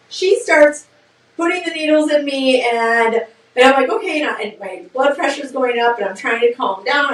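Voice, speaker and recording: A middle-aged woman, a business co-founder, telling a story in a casual interview with lively laughter. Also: high voice, far from the mic. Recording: roomy sound from off-mic.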